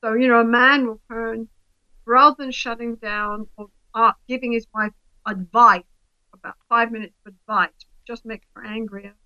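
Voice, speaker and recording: Woman therapist, higher-pitched and bright; animated interview explainer who acts out the voices in her examples; dry, lo-fi recording. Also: moderate pace, no echo. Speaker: couples therapist.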